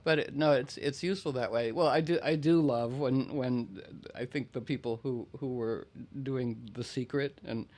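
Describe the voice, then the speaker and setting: A man hosting a relaxed talk, musing his way through ideas with many restarts and the odd throat-clear. His voice sits at an ordinary middle pitch, steady and unforced. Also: normal speed, few pauses. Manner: discursive, reflective, often clears throat. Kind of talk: casual conversation.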